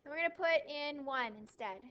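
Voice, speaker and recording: A woman teaching a math class, lively, asking questions and answering them herself, with a touch of dry sarcasm. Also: high voice, brisk, highs cut off. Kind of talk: classroom lecture.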